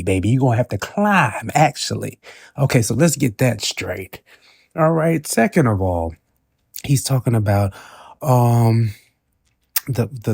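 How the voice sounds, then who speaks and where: A man in his forties with a slightly husky voice delivers a sassy, animated commentary vlog. He keeps calling the listener baby and keeps asking okay?. His voice sits at a middling pitch, recorded dry and close. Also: dry recording. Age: 40s. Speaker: commentary vlogger.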